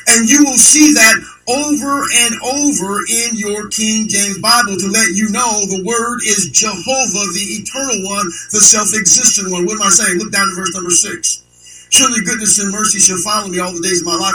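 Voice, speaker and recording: A man's voice: high voice, normal speed, distant mic, over music, low-quality recording. A man preaching a sermon in an emphatic call-and-response style, quizzing the congregation and spelling words out letter by letter.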